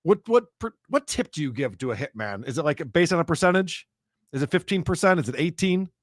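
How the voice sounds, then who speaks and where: Sarcastic man with quick quips. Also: fairly high pitch, lively intonation, no echo, clean studio sound. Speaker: podcast co-host. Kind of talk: casual comedic chat.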